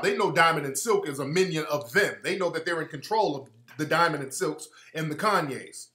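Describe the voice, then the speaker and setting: A man's voice: fairly high pitch, animated, brisk, bright, forceful tone, reverberant. A man hosting a live stream, giving heated, preachy commentary and repeating his points for emphasis.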